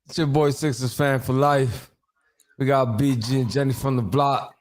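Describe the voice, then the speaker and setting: Male sports podcast host, mid-pitched, animated ranter. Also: moderate pace. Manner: animated, ranting, talks over others. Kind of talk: casual sports podcast chat.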